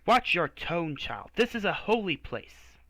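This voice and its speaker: A lofty, condescending high priest from a fantasy game, his voice bright and sweeping up and down with self-importance, as a streamer puts him on. The sound is dry and close. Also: very animated, a little slow, creaky, no room sound, full character voice. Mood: haughty. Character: pompous male high priest, haughty gatekeeper. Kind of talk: reading game dialogue aloud.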